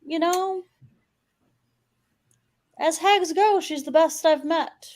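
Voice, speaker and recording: A woman's voice: very high-pitched, takes it slowly, darkish tone, rough recording. A woman player in a tabletop game, talking at length through her character's reasoning in casual chat.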